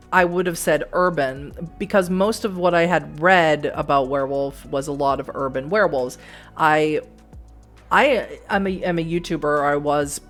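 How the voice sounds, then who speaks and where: A middle-aged woman from the Boston area with a faint Boston accent, chatting and rambling to viewers while playing a story game. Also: low voice. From Boston area, USA. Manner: chatty, rambling, frequent restarts and laughs. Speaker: streamer playing a narrative game. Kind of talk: let's play, reading aloud and chatting with viewers.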